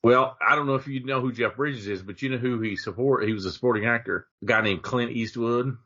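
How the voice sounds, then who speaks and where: A man with a bright, forceful voice co-hosts a casual podcast, rambling through opinionated, conspiratorial rants. The sound is muffled and lo-fi. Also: mid-range voice, fairly quick. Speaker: podcast co-host.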